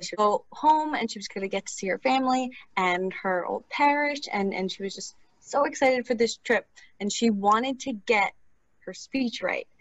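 A woman's voice: mid-range voice, no room sound, rough recording. A woman in her twenties, a speech-language therapist, telling a client story in an earnest, conversational way during an interview.

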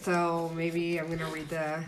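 A woman's voice: sits low, monotone, unhurried, over a noisy crowd. A young woman on a casual podcast, protesting in a playful way.

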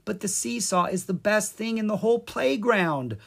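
A reader putting on a young girl for a storybook, raised a little in pitch, with a husky, breathy tone. She asks question after question and is quick to plan. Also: expressive, a bit bright, heavily acted. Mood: determined, coaxing. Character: eight-year-old girl, practical and determined. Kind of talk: children's audiobook reading.

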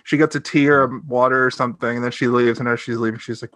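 A man's voice: mid-range voice, steady tone, fast talker, a bit bright, no room sound. A young man co-hosting a podcast, chatting casually about a TV episode, swearing freely and acting out characters' lines. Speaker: podcast co-host. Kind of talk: casual chat recapping a TV episode.

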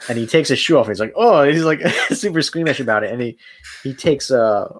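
A man co-hosting a casual podcast, laughing often and retelling movie scenes with animated quoted lines. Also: mid-range voice, fairly quick. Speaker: podcast co-host. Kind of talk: casual chat.

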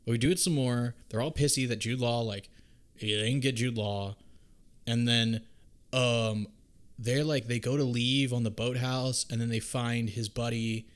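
A man's voice: medium pitch, measured pace, smooth. A man casually recapping a movie, swearing a lot and acting out the characters' lines. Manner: profane, animated storytelling, acts out characters' lines. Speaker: podcast co-host.

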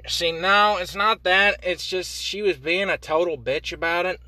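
A young man hosting a podcast, rambling through profane, absurd comic tangents in a deadpan way, talking from inside a parked truck. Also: a little high, moderate pace. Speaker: podcast host. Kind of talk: rambling comedic monologue.

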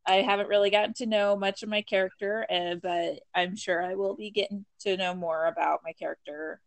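A woman voice actress in a casual chat, chatty and quick to laugh. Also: mid-range voice, steady tone, no echo.

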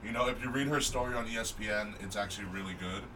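A man co-hosting a wrestling podcast, relaxed and often restarting his sentences as he thinks aloud. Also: lowish voice, fast talker, distant mic, noisy background. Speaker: podcast co-host. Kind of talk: casual chat.

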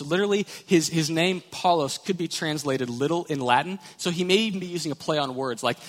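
A male pastor with a slightly higher voice preaches a sermon, his words ringing through the long reverb of a church sanctuary. He's animated and tells stories at a fairly quick pace, hardly pausing at all.

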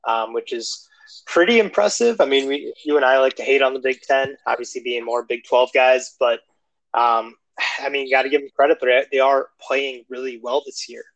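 A man co-hosting a podcast in casual sports chat, relaxed and joking, recorded on his phone. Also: medium pitch, normal speed, no echo, highs cut off. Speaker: podcast co-host.

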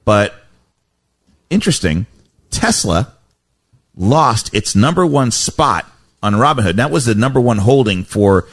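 A man's voice: mid-range voice, animated, measured pace, long pauses, a bit bright, husky. A man hosting a radio finance show, chatting casually and correcting himself as he goes. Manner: rambling, self-correcting, chatty. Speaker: radio host, stock advisor. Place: radio studio.

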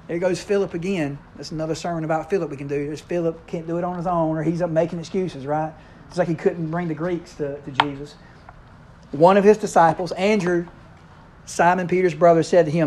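A man's voice: on the high side, a little fast, darkish tone. A middle-aged man preaching a sermon in a conversational way, often checking in with the congregation.

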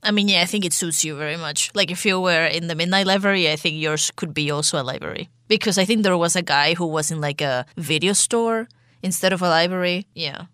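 Woman, podcast co-host, casual chat, bright tone, dry recording. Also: lowish voice, brisk, smooth, no echo. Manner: chatty, lots of "like" fillers, animated retelling.

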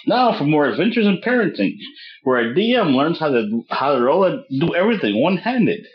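A man's voice: on the high side, big pitch swings, fairly quick, highs cut off. A man as game master, chatting wryly while tending to a baby. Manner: wry, talks to his baby. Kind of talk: casual chat.

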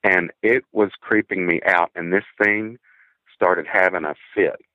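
A man earnestly telling a frightening story from his own childhood, halting and repeating words as he goes. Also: deep voice, steady tone, dry recording. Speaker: guest telling a personal encounter story. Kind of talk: first-person encounter story. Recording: tinny phone line, dry.

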